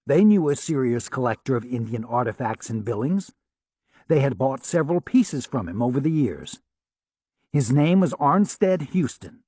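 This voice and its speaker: A man reading a novel aloud as an audiobook narrator, steady and expressive. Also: medium pitch, no echo, studio quality. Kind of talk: scripted narration.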